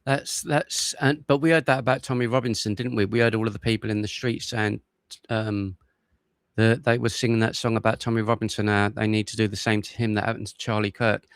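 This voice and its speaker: Gravelly man hosting a reaction stream. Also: on the low side, little pitch movement, fairly quick, no room sound, clean studio sound. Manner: blunt and scornful, swears. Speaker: livestream host. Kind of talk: casual reaction commentary.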